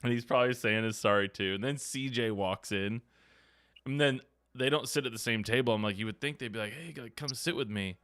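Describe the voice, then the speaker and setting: A man's voice: medium pitch, brisk, a bit bright, smooth, no echo. A man hosting a podcast, telling a story in casual chat, acting out quotes and swearing freely. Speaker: podcast host. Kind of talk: casual chat, animated anecdote.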